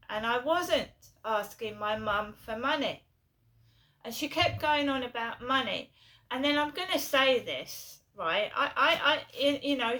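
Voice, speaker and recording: Woman vlogger, middle-aged, from England, rambling, fillers and restarts, bright voice, somewhat high. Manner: rambling, repeats herself, many fillers and restarts. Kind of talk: rambling personal storytelling.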